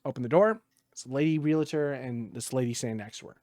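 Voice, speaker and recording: A man co-hosting a podcast, telling a story in a casual, profane, animated way and acting out what others said. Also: mid-range voice, fast, dry recording. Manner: profane, animated, acts out quotes. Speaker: podcast co-host. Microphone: podcast mic.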